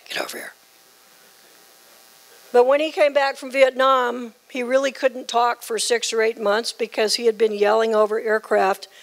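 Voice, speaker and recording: A woman in her sixties from the southern United States, giving a joking, emphatic keynote speech. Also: medium pitch. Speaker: keynote speaker. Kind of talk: humorous after-dinner speech.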